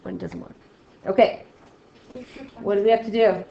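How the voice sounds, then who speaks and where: A woman teaching a math lesson to a class, loud and excitable, joking about herself as she works through problems. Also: medium pitch, moderate pace, creaky, dull audio, slight background noise. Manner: loud, excitable, self-mocking.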